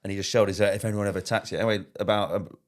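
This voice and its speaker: A young adult man, a comedian guest on a casual chat, telling animated anecdotes and slipping into quick put-on voices. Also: on the low side.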